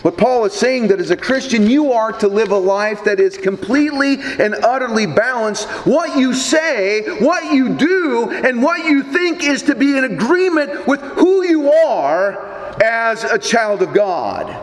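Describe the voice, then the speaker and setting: Casting: a high-pitched male pastor, slow, deliberate and lively, with a long echoey hall reverb. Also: slight background noise. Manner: animated storytelling preacher, deliberate. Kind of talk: sermon.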